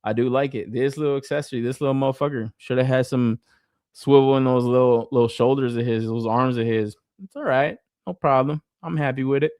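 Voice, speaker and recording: A man's voice: medium pitch, a little fast, dry recording, clean studio sound. A man co-hosting a toy collecting podcast, chatting casually and swearing constantly as he reviews an action figure. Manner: profane, animated, laughs often. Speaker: podcast co-host.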